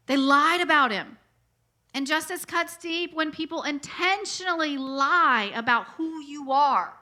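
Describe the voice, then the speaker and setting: A woman pastor giving a sermon in a conversational, animated way, with frequent asides and "right?" checks to the congregation. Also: high voice.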